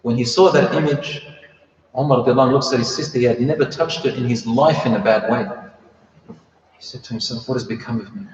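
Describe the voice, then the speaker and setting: A man's voice: mid-range voice, fast, a little mellow, slight background noise. A man giving a storytelling sermon in a mosque hall, acting out the characters' lines as he tells the story. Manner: acts out the characters' voices in the story. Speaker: speaker giving a talk. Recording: far-off roomy hall recording, dull and muffled.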